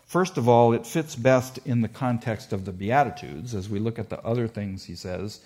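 Man giving a measured Bible lecture. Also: mid-range voice, darkish tone. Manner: measured, explanatory, slows to stress quoted verses. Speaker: Bible teacher.

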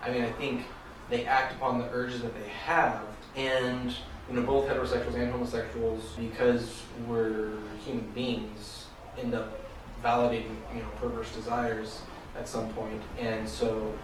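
A man's voice: medium pitch, little pitch movement, moderate pace. A man speaking up as a student in a class discussion, hesitant and full of fillers. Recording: distant mic in echoey room with noise.

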